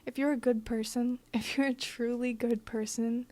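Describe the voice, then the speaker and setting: A woman's voice: fairly high pitch, steady tone, normal speed, a little mellow. A young woman telling a personal story in a casual, blunt and profane way, full of filler "like"s. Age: young adult. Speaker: vlogger.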